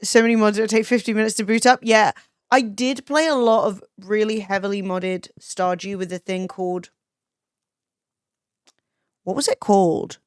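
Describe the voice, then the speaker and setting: A young woman chats her way through a game stream, talkative and loose, swearing freely as she answers her chat. Her voice sits at a middling pitch for a woman. The sound is dry and close, with no room echo. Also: steady tone, moderate pace, pauses often, smooth. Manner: chatty, swears freely, reads chat aloud. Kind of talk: casual gameplay stream chat.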